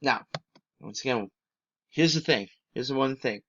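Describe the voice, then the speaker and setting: Male teacher, patient, keeps checking in, mid pitch, dull lo-fi recording. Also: a little slow, background noise. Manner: patient, repeats okay to check understanding. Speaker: Spanish teacher. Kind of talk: recorded slide lesson. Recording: dull lo-fi sound.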